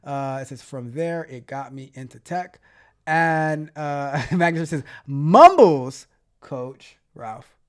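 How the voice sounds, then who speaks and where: A man's voice: fairly high pitch, lively intonation, slow, clear, resonant tone. A man hosting a casual tech livestream who reads the chat playfully and repeats his phrases. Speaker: livestream host and tech coach.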